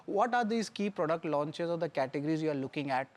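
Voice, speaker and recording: A man's voice: on the high side, animated, fast talker. A man hosting a business news show, asking long, hesitant questions full of fillers. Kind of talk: interview questions.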